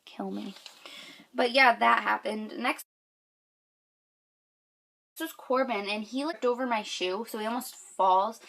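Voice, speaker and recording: A woman's voice: a little high, a little slow, creaky, pauses often, a bit bright. A young woman from New York telling a story to camera with lots of fillers, gushing and squealing when she quotes people. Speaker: vlogger.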